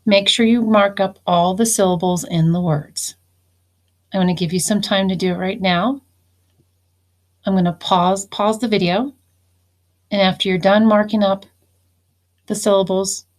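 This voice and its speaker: A woman teacher speaks to students in a recorded phonics lesson, with a voice of ordinary pitch. She dictates phrases slowly and deliberately, then walks through how to mark each syllable. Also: steady tone.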